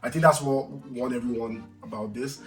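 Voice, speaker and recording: Fast-talking man in casual film chat. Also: mid-range voice, steady tone, faint music behind. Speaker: podcast co-host.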